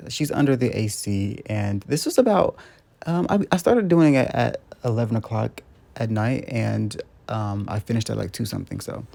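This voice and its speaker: A man's voice: mid-range voice, lively intonation, normal speed, gravelly, warm tone. A young man in casual voice-over, rambling chattily through a doll restyle with lots of ums and likes.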